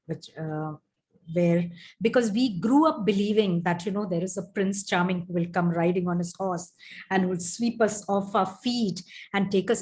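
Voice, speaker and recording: A woman's voice: medium pitch, a little mellow. A woman guest on an interview, a life coach and author, speaking fluently and agreeably. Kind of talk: interview conversation.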